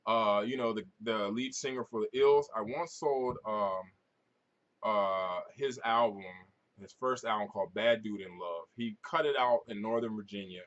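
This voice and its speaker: A man, a record-collecting vlogger, telling stories to camera at home in an animated, profane way with frequent restarts. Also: fairly low pitch, moderate pace, muffled recording. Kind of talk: casual storytelling to camera.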